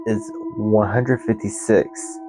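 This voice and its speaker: A young man talks slowly in a lowish voice, stumbling and restarting as he reads, with loud music under him the whole time. He sounds casual and unscripted, often stopping to react to what he has just said. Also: fairly even intonation. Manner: halting, stumbles and restarts, repeats "that's insane". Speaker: channel host. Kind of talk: casual unscripted storytelling and reading aloud.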